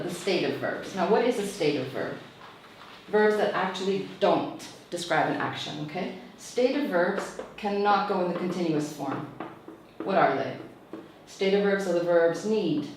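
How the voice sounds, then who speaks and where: A woman's voice: fairly low pitch, a little hiss or hum. A woman teacher trainer giving a tutorial lecture, explaining patiently and checking in with "okay?" after each point. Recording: echoey room, mic far off.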